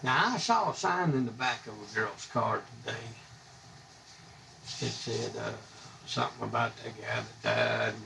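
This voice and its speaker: A gravelly-voiced American man with a drawl rants into his live stream, blunt and indignant, wandering from point to point. He sits a little back from the microphone, with a faint hum of background behind him. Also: lowish voice, big pitch swings, unhurried, bright, forceful tone, far from the mic, low-quality recording. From United States. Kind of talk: angry live-stream rant.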